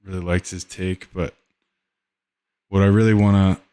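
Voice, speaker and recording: A man hosting a podcast, talking casually and haltingly, often searching for words. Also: low-pitched, little pitch movement, dark tone, smooth. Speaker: podcast host. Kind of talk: casual solo commentary.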